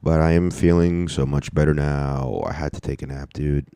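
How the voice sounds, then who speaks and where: A young comedian talks through his solo podcast at home, rambling and swearing in easy slang. His voice sits very low and mellow. The sound is close and dry, with little room around it. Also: steady tone, moderate pace, clean tone, dry recording. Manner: rambling, profane, laid-back slang. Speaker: podcast host and stand-up comedian.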